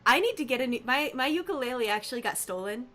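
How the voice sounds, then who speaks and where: Chatty higher-voiced woman streamer. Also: fast, faint music behind. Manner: animated, playful, reacting to chat. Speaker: live streamer. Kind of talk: casual live-stream chat with viewers.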